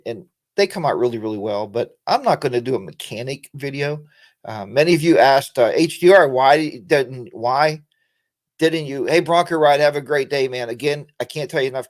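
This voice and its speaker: A middle-aged man from the United States hosting a casual motorcycle live-stream chat, rambling with lots of fillers and restarts. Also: mid-range voice. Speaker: motorcycle channel host.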